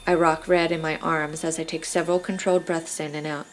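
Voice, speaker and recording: A woman reading a first-person audiobook with measured, dramatic storytelling. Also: low-pitched, little pitch movement, slight background noise. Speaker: audiobook narrator.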